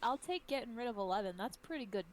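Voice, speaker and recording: A woman's voice: on the high side, lively intonation, quick pace, a crowd in the background. A woman playing a tabletop game over a call, joking and throwing out ideas. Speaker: player.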